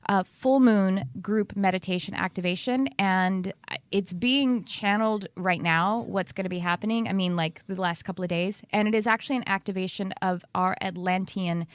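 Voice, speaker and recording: A woman's voice: mid-range voice, no room sound. A woman hosting a spiritual podcast in a casual, chatty way, rambling and often laughing at herself. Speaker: podcast host.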